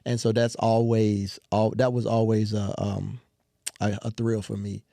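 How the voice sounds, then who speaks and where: A young man talks through his story in a low, warm voice. He speaks earnestly, with frequent pauses and self-corrections. The sound is close and dry. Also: flat delivery, creaky, dry recording. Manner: earnest, storytelling, many ums and restarts. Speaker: guest. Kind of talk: casual interview talk.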